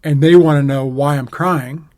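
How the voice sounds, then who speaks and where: A man co-hosting a podcast tells a personal story with many pauses and restarts. His voice sits a little high for a man. The sound is dry and close. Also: steady tone, dark tone, no room sound. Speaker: podcast co-host. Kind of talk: casual conversation, personal story.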